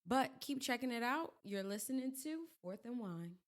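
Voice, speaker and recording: A woman hosting a podcast in casual chat, her voice crackly and hoarse as she gets over being sick, talking in chatty, self-deprecating asides. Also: fairly high pitch, expressive, moderate pace. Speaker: podcast host.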